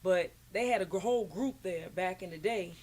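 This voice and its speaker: A woman's voice: fairly low pitch, darkish tone. A woman co-hosting a casual recap chat, chatty and agreeable, from Chicago. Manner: chatty, agreeable, quick to laugh. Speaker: co-host.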